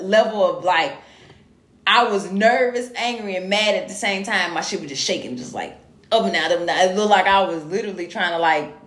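Woman, podcast host, casual profane monologue, animated, frank, echoey room. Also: mid-range voice. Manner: frank, animated, keeps saying "you know what I'm saying".

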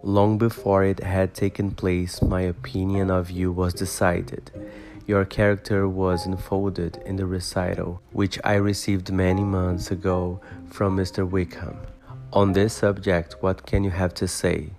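A man voicing a spirited, indignant young woman in a storybook reading, with a forceful, accusing delivery. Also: low-pitched, level tone, measured pace. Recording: guitar music behind voice.

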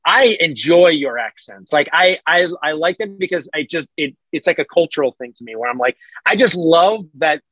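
An American man talking as a podcast guest, his pitch swinging widely as he rambles and restarts. His voice is a little husky, and the sound is close and dry. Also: normal speed, hardly any pauses, no echo, low-quality recording. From United States. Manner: animated, rambling with many restarts. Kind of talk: casual chat.

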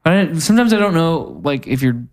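A man's voice: a little high, big pitch swings, fairly quick, darkish tone. A man co-hosting a casual podcast, talking in a rambling, hesitant way. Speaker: podcast co-host.

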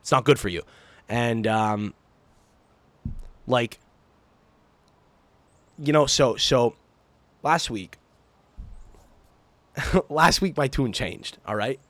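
A young man hosting his own podcast, telling stories casually in an animated, profane, exaggerated way. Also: mid-range voice, extremely slow, pauses often, no room sound. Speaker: podcast host. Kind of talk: casual solo podcast storytelling.

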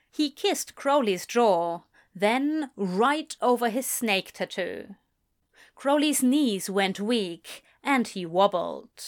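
A woman reading fan fiction aloud in calm, measured narration. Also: medium pitch. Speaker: reader.

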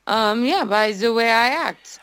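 A woman's voice: fairly high pitch, unhurried, a bit bright, clear, resonant tone, no echo. A woman playing Jim Jim, beret-obsessed oddball. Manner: talks about herself in the third person, clumsy formal phrasing, sudden apologies. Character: eccentric beret-obsessed woman called Jim Jim, oddly formal. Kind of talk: improv comedy panel.

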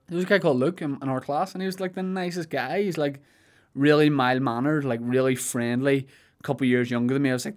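A young man with a Northern Irish accent, co-hosting a podcast in rambling, jokey chat with deadpan asides. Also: mid-range voice. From Northern Ireland. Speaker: podcast co-host.

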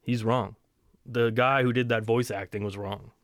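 A man's voice: mid-range voice, steady tone, moderate pace, fairly bright tone, no room sound, studio quality. A man, co-hosting a casual podcast and joking as he steers the chat. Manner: jokey, steers the talk. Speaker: podcast co-host.

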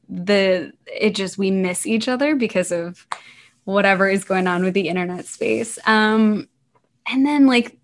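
Woman teacher chatting about her zoom classes, animated storyteller. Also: mid-range voice. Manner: animated, acts out the children's lines. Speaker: online teacher of young children. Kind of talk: casual interview storytelling.

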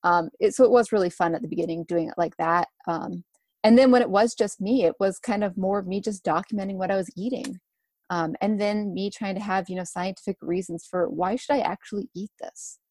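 A young woman in her twenties, a guest in a casual interview, talking in a relaxed, chatty way with many fillers. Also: medium pitch, brisk, dry recording, clean studio sound. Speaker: guest, runner and food blogger.

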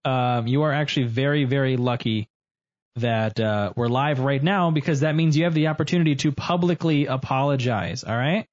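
A man's voice: medium pitch, moderate pace, dull audio. A man hosting a casual podcast chat, joking around and stretching words out in mock-serious asides. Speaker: podcast host.

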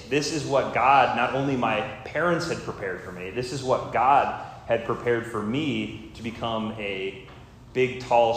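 Man preaching in a very echoey room. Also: medium pitch. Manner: conversational, rambling with fillers and asides. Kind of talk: sermon. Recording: very echoey room with faint ambient noise.

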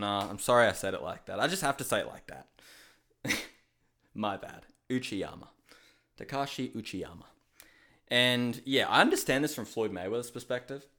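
A man talks through his solo podcast in a somewhat low voice, blunt and loose. He swears freely and keeps getting fired up, ranting in casual chat. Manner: swearing, blunt, excitable rants. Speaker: podcast host.

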